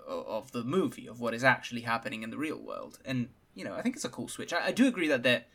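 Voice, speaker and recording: A man talks through a film in a loose, animated way, with laughter breaking in. His voice is bright and forceful. His pitch sits in the middle for a man. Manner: animated, laughs while talking. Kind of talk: casual film discussion.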